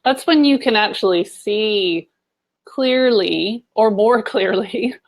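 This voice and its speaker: A woman's voice: medium pitch, slow pace. A woman hosting a casual interview, gushing and enthusiastic about her guest. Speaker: host.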